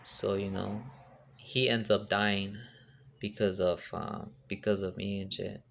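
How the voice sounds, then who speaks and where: Gravelly young man telling a rambling story. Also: fairly low pitch, flat delivery, a little slow, slight background noise. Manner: rambling, lots of fillers and street slang. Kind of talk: casual storytelling.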